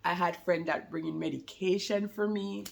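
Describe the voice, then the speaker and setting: Chatty young mom with a gravelly voice. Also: female voice, lowish voice, fairly even intonation, normal speed. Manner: chatty and rambling, laughs often, many fillers. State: slight lingering cold. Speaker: new mother vlogger. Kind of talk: casual chat to camera.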